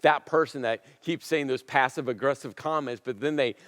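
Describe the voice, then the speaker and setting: A man preaching a sermon as a pastor, telling a story with emphatic repetition and dramatic pauses. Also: medium pitch, fairly bright tone, big-room sound. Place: church auditorium.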